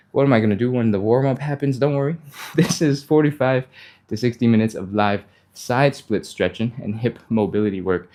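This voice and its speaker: A man hosting a live stretching stream, talking fast and upbeat, laughing often as he walks viewers through each move. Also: mid-range voice, dark tone. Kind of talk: live workout instruction.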